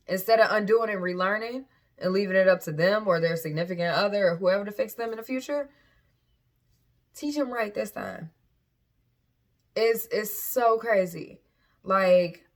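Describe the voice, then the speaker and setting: A woman talks straight to her viewers as a parent and vlogger. Her voice sits at an ordinary middle pitch, and she speaks candidly and frankly. She keeps stopping to backtrack and start over. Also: moderate pace. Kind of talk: casual talk to camera.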